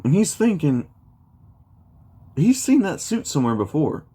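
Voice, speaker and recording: A man's voice: fairly high pitch, very animated, unhurried, dark tone, slightly rough. A young man casually retelling a fan story, rambling with lots of fillers. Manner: rambling, many fillers like "you know".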